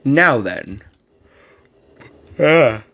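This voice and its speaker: A man's voice: medium pitch, very animated, very slow, pitched above the performer's own voice, exaggerated voice. A man voicing a kindly old male monster who looks after a child, talking in a formal, rambling way with a strained put-on voice. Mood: wistful. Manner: gentle, formal and fond of rambling. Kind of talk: reading game dialogue aloud.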